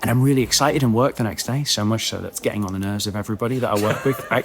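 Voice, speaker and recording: Man, comic storyteller, animated and self-deprecating, chatty asides, middle-pitched voice. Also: fast, hardly any pauses.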